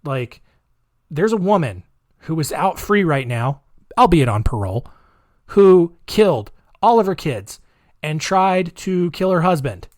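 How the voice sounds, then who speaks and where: A man's voice: on the high side, very animated, measured pace, no echo. A man hosting a podcast in a casual monologue, rambling, offhand and sarcastic, on a close mic. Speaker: podcast host.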